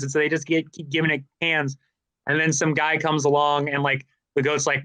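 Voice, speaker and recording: A man's voice: fairly high pitch, level tone, quick pace, pushed and bright, no echo. A young man co-hosting a casual chat, telling stories animatedly and acting out voices in his anecdotes. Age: young adult. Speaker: student co-host.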